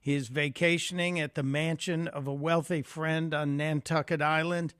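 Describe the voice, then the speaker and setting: A man's voice: on the high side, level tone, moderate pace, a bit bright, smooth, dry recording, clean studio sound. A man guest-hosting a radio call-in show, talking in a conversational, folksy way with frequent fillers. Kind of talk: talk radio monologue and call-in.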